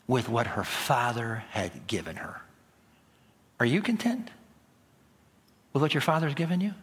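A man's voice: mid-range voice, bright, forceful tone. A middle-aged man preaching a sermon, telling stories animatedly and acting out the voices of the people in them. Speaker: pastor.

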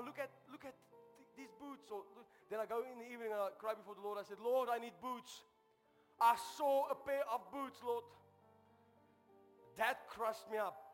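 A South African man preaching a sermon to a congregation, telling a personal story with fervour and calling out to his listeners. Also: sits high. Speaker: pastor. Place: church hall before a congregation. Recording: long hall reverb with faint music.

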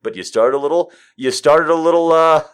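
A man hosting a live show in a casual, rambling, sardonic way, swinging between loud bursts and quiet asides. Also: on the high side, brisk, clean tone. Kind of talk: casual live-stream chat.

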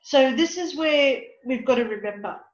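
Woman medium and counsellor, higher pitch, animated, recorded in a roomy space. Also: normal speed. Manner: animated, dramatic storytelling. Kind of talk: storytelling in an interview. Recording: echoey, dull lo-fi room.

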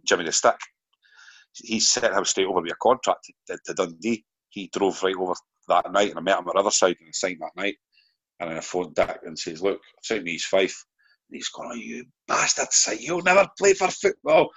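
Scottish man, very low voice, rambling and sweary, slightly muffled audio. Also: fairly even intonation, fairly quick, a bit bright. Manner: rambling, swears freely, restarts often. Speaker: former footballer guest. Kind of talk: casual storytelling in a podcast.

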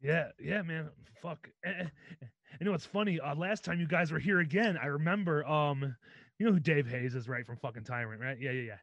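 A man's voice: a little high, fairly quick, fairly bright tone, dry recording, dull audio. A man hosting a podcast, laid-back and casually swearing, chatting with a guest. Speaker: podcast host.

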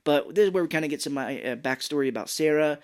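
A man's voice: on the high side, fast, smooth. A man co-hosting a laid-back podcast, walking through a film's scenes in a loose, rambling way. He peppers his retelling with filler words and the occasional curse. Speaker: podcast co-host. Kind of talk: casual movie recap chat.

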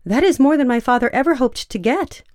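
A woman voicing a desperate young woman who pleads in a soft, hushed way. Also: sits high, expressive, fairly quick, no echo, studio quality, voice pushed up. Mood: urgent.

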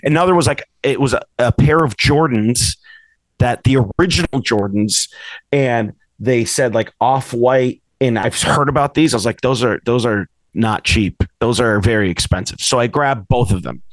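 A man's voice: mid-range voice, moderate pace, dry recording, poor audio. Chatty, rambling male podcast host. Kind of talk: casual chat.

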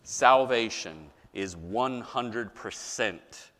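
Animated preacher in a reverberant hall. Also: male voice, on the low side, drawn-out words. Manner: animated preaching, mock-voicing objectors, swinging loud and soft. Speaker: pastor. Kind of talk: sermon.

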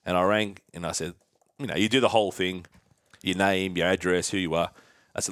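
A man's voice: deep voice, steady tone, fairly quick, fairly bright tone, no echo. A man co-hosting a podcast on a headset, telling anecdotes with dry, teasing remarks. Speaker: podcast co-host.

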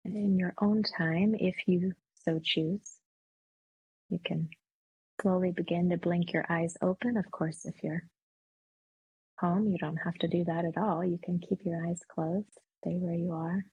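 A woman yoga and mindfulness instructor leading a guided meditation in a soft, slow, soothing voice. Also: fairly low pitch, steady tone, husky, phone-quality sound.

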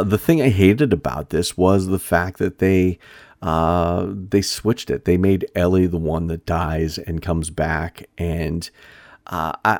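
Deep-voiced man in a rambling monologue. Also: darkish tone, dry recording, studio quality. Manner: rambling, frequent "uh" and restarts. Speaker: shop owner and podcast host. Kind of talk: casual monologue review.

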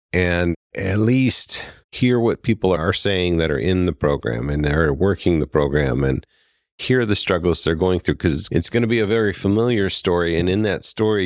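A man's voice: deep voice, no room sound, clean studio sound. A man co-hosting a podcast in casual talk, speaking earnestly and getting worked up before apologizing for it. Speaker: podcast co-host.

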